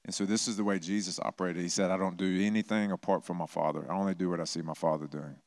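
A middle-aged pastor preaches in a relaxed, conversational way, doing quick impressions of the people in his stories and poking fun at himself. His voice is on the low side and his tone stays steady. The recording is dry and close-miked, with no echo.

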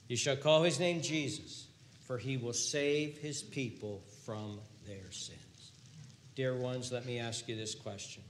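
An older man preaching a sermon in a church, impassioned and repetitive, swinging between hushed tones and booming emphasis. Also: moderate pace, reverberant, a little hiss or hum. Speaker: pastor. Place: church sanctuary.

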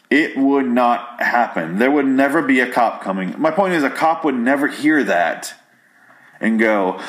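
With a medium-pitched, slightly bright voice, this man runs through a movie in a casual solo recap. He's profane, sarcastic and prone to rambling, occasionally slipping into goofy character voices.

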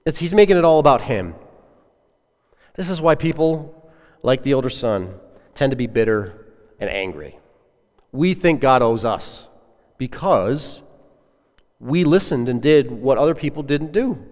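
A man's voice: mid-range voice, expressive, unhurried, long pauses, darkish tone. A man preaching a sermon as a pastor, earnest and conversational, putting questions to his listeners. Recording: echoey hall with long reverb.

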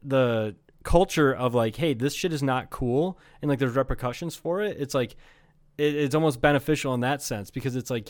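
A man's voice: medium pitch, normal speed, no room sound, studio quality. A man co-hosting a comedy podcast, chatting casually and rambling, swearing freely. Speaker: podcast co-host. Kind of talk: casual chat.

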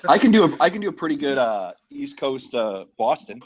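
A man from Canada joins a casual podcast as a jokey guest, teasing the others. His pitch swings widely as he talks. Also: big pitch swings, brisk, slightly rough, lo-fi sound. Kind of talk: casual chat.

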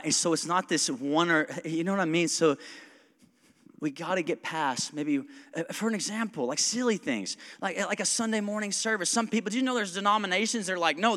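High-voiced male pastor in an echoing church. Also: a bit bright. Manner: conversational, joking, self-described smart aleck; quick asides with frequent chuckles. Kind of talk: sermon. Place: church sanctuary. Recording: long reverb of a church hall.

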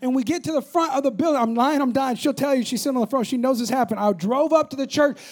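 Man, pastor, very high voice, animated sermon storytelling, jokes with congregation. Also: fast talker.

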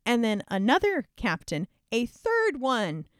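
A woman's voice: fairly high pitch, wildly swooping pitch, measured pace, clean tone, no echo, studio quality. A woman casually retelling an old scripture story in a slangy, irreverent way, peppered with "like". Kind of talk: casual comedic Bible retelling.

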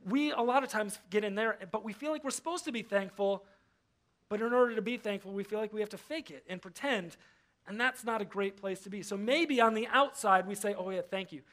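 High-voiced man preaching conversationally. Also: brisk, a bit bright. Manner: conversational, acts out quoted voices, frequent fillers. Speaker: pastor. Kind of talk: sermon. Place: church.

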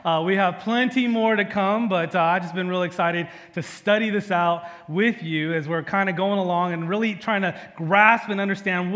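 A pastor with a notably high voice for a man delivers a sermon. He speaks earnestly and conversationally, with fillers and emphatic repeats. His voice rings out with the long reverb of a church hall. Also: a bit bright. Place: church sanctuary with people present.

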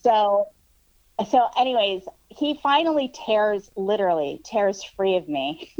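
A woman telling a story in casual chat, animated and full of fillers, swearing freely. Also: medium pitch, slow pace, dry recording, dull audio. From New York. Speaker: guest storyteller.

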